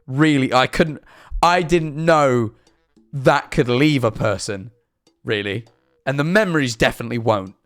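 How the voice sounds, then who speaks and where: A man's voice: medium pitch, unhurried, fairly bright tone, dry recording, faint music behind. Rambling young man telling a story. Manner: rambling, self-deprecating, frequent restarts and "all right?". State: sore throat, coughing. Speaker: streamer. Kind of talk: casual storytelling to chat.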